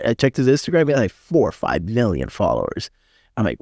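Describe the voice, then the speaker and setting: A man from Miami in his thirties tells a long story in loose, profane talk, jumping into other people's voices as he quotes them. His voice sits at an ordinary middle pitch. The sound is dry and close, with no room around it. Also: very animated, fast talker, vocal fry, a little mellow, dry recording. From Miami, USA. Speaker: artist guest. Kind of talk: casual storytelling.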